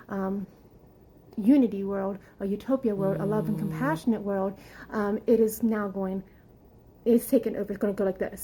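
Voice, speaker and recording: Soft-toned woman, earnest and rambling. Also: medium pitch, low-quality recording. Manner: rambling, earnest, many fillers; emotional, close to tears at times. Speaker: spiritual channel. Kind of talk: casual spiritual talk.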